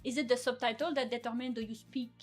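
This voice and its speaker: Woman co-host, slightly high, easygoing and inquisitive, faint music behind. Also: steady tone, fast. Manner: questioning, easygoing. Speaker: indie game developer co-host. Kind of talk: casual livestream chat.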